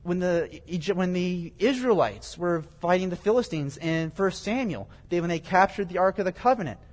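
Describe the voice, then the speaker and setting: A man giving a conversational Bible teaching, explaining scripture verse by verse in plain everyday words. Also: high voice. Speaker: preacher. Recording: long reverb, echoey hall.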